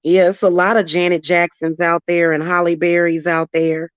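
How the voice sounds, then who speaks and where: Woman on a livestream, aave, blunt and laughy, lowish voice, kinda dull sound. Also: little pitch movement, moderate pace, clean tone, dry recording. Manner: blunt, laughs often, talks back to chat. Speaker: livestream host. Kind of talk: casual livestream chat.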